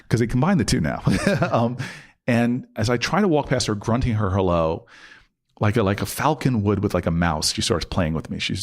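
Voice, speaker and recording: A man's voice: medium pitch, lively intonation, brisk. A man in his forties telling a personal story in a casual interview, acting out both sides of the argument. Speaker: podcast guest.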